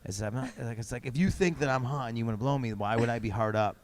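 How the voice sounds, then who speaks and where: A man hosting a casual podcast chat, telling stories quickly with lots of restarts and acted-out quotes. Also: medium pitch, darkish tone. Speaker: podcast host. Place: convention event.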